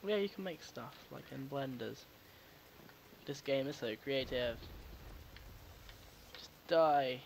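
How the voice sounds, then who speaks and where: This gaming host's voice sits in the mid-range, animated but unhurried, with vocal fry. He gives casual, jokey commentary on his game from home, answering the characters and cursing occasionally. The recording is rough, with slight background noise.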